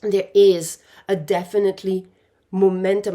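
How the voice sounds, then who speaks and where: A woman's voice: mid-range voice, fairly even intonation, a little slow, dark tone. A woman giving an intuitive pick-a-pile tarot reading, speaking in a meandering way and calling her viewers "my dear". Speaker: tarot card reader.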